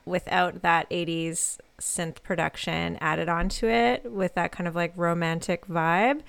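A woman's voice: fairly low pitch, steady tone, a little slow, vocal fry, fairly bright tone, smooth, no room sound. A young woman radio DJ chatting playfully between songs, laughing easily as she talks into a studio microphone.

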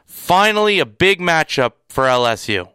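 A man's voice: fairly high pitch, big pitch swings, moderate pace, pushed and bright, clear, resonant tone, dry recording, clean studio sound. A young man giving an opinionated sports recap, emphatic and exasperated, repeating words to drive home his points. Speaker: sports commentator.

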